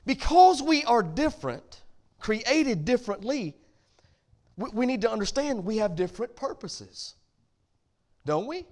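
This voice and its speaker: A man's voice: very high voice, big pitch swings, unhurried, pauses often, darkish tone. A middle-aged man, preaching a sermon as pastor in a folksy way that builds to emphatic points.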